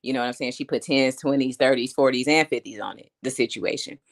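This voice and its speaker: With a bass voice and a fast delivery, this woman rants casually through a story on a live stream. She's blunt and emphatic, and keeps checking in with "you know what I'm saying."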